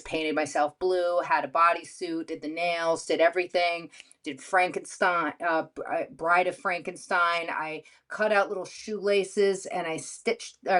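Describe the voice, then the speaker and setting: Frank, animated woman co-host. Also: fairly low pitch. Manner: animated, frank, swears casually. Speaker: podcast co-host. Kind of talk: casual chat.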